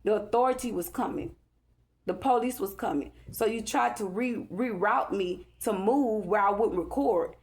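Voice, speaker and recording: A woman's voice: medium pitch, normal speed, darkish tone. A woman talking to her viewers in an agitated, profane, repetitive rant. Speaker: vlogger. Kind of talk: angry rambling monologue to camera.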